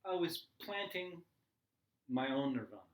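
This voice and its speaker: A man teaching a live class, telling a personal story in a candid, animated way with frequent "right?" asides. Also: a little high, measured pace, reverberant, low-quality recording. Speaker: meditation teacher.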